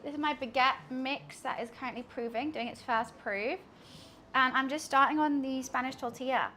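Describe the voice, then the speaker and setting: High-voiced chatty woman streamer. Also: normal speed, bright, forceful tone, slight background noise. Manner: chatty, self-mocking, laughs often between lines. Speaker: live streamer. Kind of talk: casual chat to a live stream audience while cooking. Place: home kitchen.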